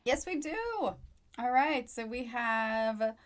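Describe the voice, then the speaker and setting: A woman's voice: a little high, slow. A woman co-hosting a casual chat show, reading viewer messages aloud and laughing often. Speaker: co-host reading viewer tips.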